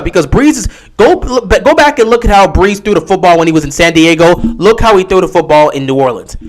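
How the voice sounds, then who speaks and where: A young man hosting a sports livestream, chatting casually and answering viewer questions. His voice sits a bit high and swings widely in pitch as he gets worked up. He talks like he's riffing with his audience. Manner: animated, answering chat questions. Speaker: livestream host.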